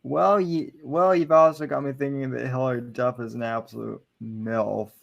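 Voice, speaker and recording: Halting, gravelly-voiced podcast man. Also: medium pitch, steady tone, highs cut off. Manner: halting, stumbles and repeats words. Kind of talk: casual podcast chat.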